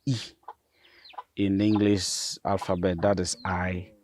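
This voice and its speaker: Deep-voiced man teaching vowel sounds. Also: a little mellow, a little hiss or hum. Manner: patient, repeats each word slowly. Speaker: pastor and language teacher. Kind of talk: explaining vowel sounds with example words.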